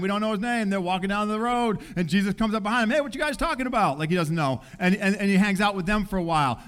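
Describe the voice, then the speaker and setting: Preaching in a high voice, this male pastor keeps things relaxed and conversational, using everyday slang and briefly acting out the story's characters. It comes across as chatting with his congregation instead of lecturing.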